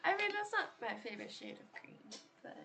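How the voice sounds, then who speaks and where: A woman's voice: high voice, very animated, brisk, gravelly, a crowd in the background. A woman co-judging photos in a casual chat, mostly giving brief, agreeable replies. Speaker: co-judge.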